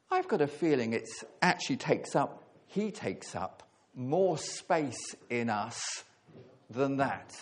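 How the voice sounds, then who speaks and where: A man preaching a sermon, earnest and emphatic, leaning hard on key words with pauses between phrases. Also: mid-range voice, a little mellow.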